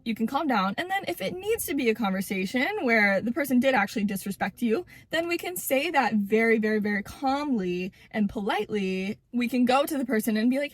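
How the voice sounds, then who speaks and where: A woman's voice: on the high side, no echo. A woman giving casual relationship advice to camera, blunt and emphatic, swearing freely and repeating words for stress.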